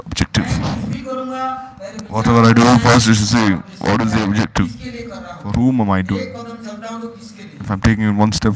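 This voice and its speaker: Deep, flat-voiced man preaching. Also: rough recording. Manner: questioning, repeats rhetorical questions. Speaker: spiritual teacher. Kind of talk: devotional discourse.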